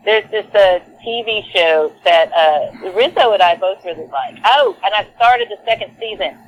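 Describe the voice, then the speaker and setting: A woman with a Southern accent from Texas, a lead singer chatting as a guest in a casual interview, animated and full of fillers and restarts. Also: medium pitch, normal speed, poor audio. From Texas, USA.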